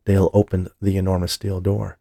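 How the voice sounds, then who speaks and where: Male audiobook narrator, deep, gravelly, husky, dry close read. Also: monotone, brisk, warm tone, dry recording. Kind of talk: scripted narration.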